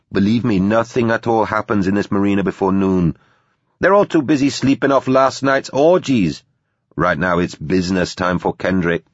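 A man putting on a streetwise young woman informant, blunt and slangy, her voice low and husky. The recording is muffled and dry. She talks like someone who knows the street. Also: dry recording. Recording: dull, dry.

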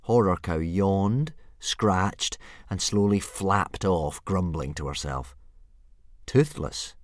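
A man reading a children's storybook aloud in an expressive, playful way. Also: sits low, slow pace, dry recording, clean studio sound. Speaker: audiobook reader. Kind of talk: storybook narration.

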